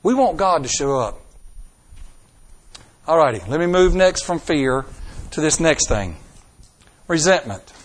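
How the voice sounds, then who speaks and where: High-voiced preacher, emphatic. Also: male voice, sing-song, a little slow, pauses often. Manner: emphatic, dramatic swings in loudness and pace, rhetorical questions. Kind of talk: sermon.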